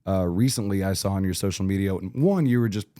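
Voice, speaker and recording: A young man from Arkansas hosting a podcast, chatting casually and teasing his guests with quick jokes. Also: deep voice, dark tone, no echo, studio quality. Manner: joking, teasing, quick asides. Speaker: podcast host. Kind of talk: casual interview chat.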